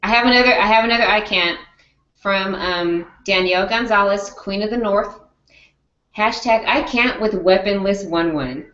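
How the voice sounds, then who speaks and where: A woman hosting a casual chat, giggly and animated. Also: mid-range voice, normal speed. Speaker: podcast host. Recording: echoey dull room sound.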